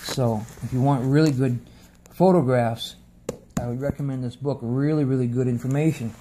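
A man's voice: medium pitch, steady tone, moderate pace, warm tone, a little hiss or hum. A man speaking into a phone camera in an earnest, casual monologue, often repeating words for emphasis. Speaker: video presenter.

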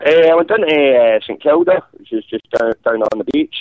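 A man's voice: medium pitch, expressive, brisk. A hungover man calling in to a radio show, rambling and swearing with many ums. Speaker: caller. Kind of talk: casual phone chat. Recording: dry tinny phone line.

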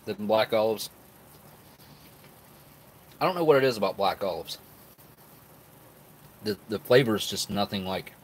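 A food reviewer, his voice on the low side, tries old food in a casual vlog, sometimes speaking through a mouthful. A little hiss or hum runs under the recording.

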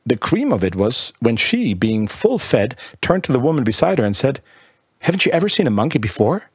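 A man voicing a jovial, mannered, monocled gentleman with a drawling delivery. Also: mid-range voice, big pitch swings, fairly quick, slightly rough, no room sound, studio quality.

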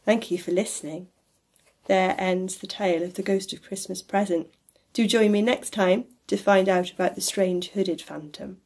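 A woman host reading a classic novel aloud in slow, measured storybook narration, then signing off to listeners. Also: medium pitch, fairly even intonation, darkish tone. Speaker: audiobook reader and channel host.

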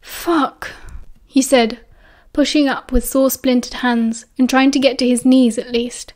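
High-voiced British woman reading aloud. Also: flat delivery, normal speed, a little mellow. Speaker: audiobook reader. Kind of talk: fan audiobook narration.

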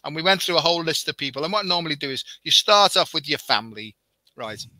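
A man's voice: fairly high pitch, lively intonation, fast talker, sharp tone, no room sound. A man as a podcast guest, telling a personal story in an earnest, candid way and slipping into quoted dialogue. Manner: emotional at moments.

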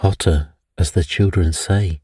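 A man voicing a calm, thoughtful middle-aged priest detective who reasons things out in an unhurried way, read for an audiobook. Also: low voice, slightly rough, no echo, clean studio sound, exaggerated voice. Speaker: priest sleuth. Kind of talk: audiobook character reading.

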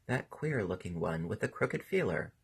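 A man voicing a rude, smooth-talking male moth in a storybook, with a flattering, mocking manner. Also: low voice, moderate pace, exaggerated voice. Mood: oily.

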